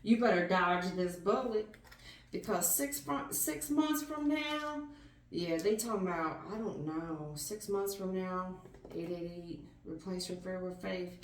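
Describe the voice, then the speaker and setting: A woman giving a blunt, slang-filled tarot reading straight to the viewer, casual and animated. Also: fairly low pitch, unhurried, echoey room, far from the mic, slight background noise. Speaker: tarot reader.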